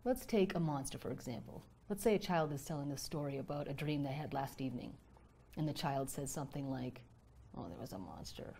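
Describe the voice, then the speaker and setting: A woman educator calmly explaining a reading strategy, step by step with examples. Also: low-pitched, breathy edge. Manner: measured, explanatory, with acted example lines. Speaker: educator presenting a literacy strategy. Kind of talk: instructional explanation.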